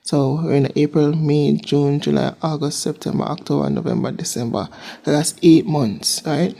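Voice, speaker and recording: Low gravelly Jamaican woman vlogging. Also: normal speed, warm tone. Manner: rambling, repeats herself. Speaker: vlogger, seasonal worker. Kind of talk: casual vlog chat. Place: home kitchen.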